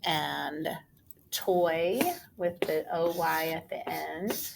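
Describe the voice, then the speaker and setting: A woman teaching a children's phonics lesson at a very unhurried pace, sounding out every word bit by bit. Her voice sits a little low for a woman. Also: steady tone, vocal fry, a little hiss or hum. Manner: slow, deliberate, sounding out words. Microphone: recorded for a video lesson.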